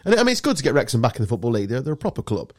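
A man's voice: mid-range voice, wildly swooping pitch, very fast, dry recording. English guy hosting a football podcast, jokey, sweary banter, dry close mic. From England. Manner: joking, banter-filled, sweary. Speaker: podcast host. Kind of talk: casual football chat.

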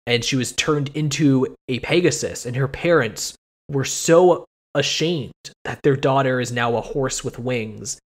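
Male podcast host, animated and profane, mock-indignant rants, mid-range voice. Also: medium pitch, unhurried. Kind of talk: casual podcast chat.

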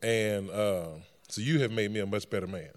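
Lively middle-aged man with a low voice. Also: moderate pace, in a large hall, heavy background noise. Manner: lively storyteller, laughs often. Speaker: school superintendent. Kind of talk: speech to an audience on stage.

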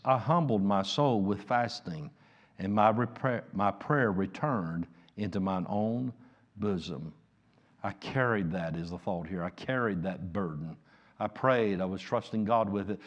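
A man preaching a sermon, slow and emphatic, sometimes dropping to a hushed near-whisper. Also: lowish voice.

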